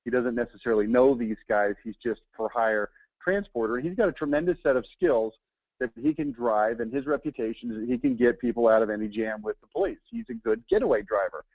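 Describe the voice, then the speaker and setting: A man's voice: medium pitch, a little fast, dry recording. A man giving a marketing lesson on a webinar, telling a story with many fillers and restarts. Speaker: marketing trainer. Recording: dry, phone-like audio.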